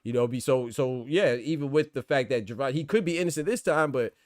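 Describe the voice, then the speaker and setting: A man's voice: medium pitch, a little fast, darkish tone, no room sound, studio quality. A man hosting a casual boxing talk show, bantering in slang and laughing often. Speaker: host. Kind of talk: casual chat.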